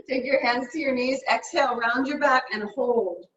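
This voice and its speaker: A woman teaching a live yoga class, cueing poses in a brisk, upbeat way and a little out of breath. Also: high voice, muffled recording, background noise. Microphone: camera mic at a distance. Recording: echoey room, from far off.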